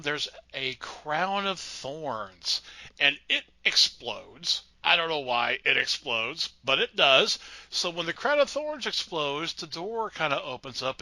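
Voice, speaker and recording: A man's voice: a little high, sharp tone, dry recording, poor audio. A man co-hosting a podcast, recapping a horror movie in casual, sarcastic chat and swearing freely. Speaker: podcast co-host.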